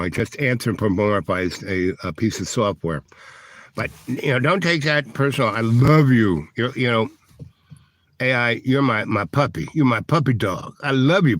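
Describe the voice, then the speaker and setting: A man's voice: lowish voice, a bit bright, no echo. A man vlogging, telling a long rambling story to his viewers with many fillers and restarts, acting out other people's lines. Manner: acts out other people's lines in raised voices. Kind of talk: casual storytelling monologue to viewers.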